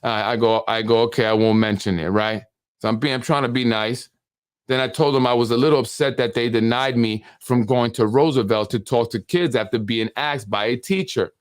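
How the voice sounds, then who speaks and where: A man's voice: medium pitch, a little fast, smooth. A man hosting a political podcast, talking casually and reading text messages aloud, with frequent restarts. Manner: conversational, repeats words and restarts, reads messages aloud. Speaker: podcast host.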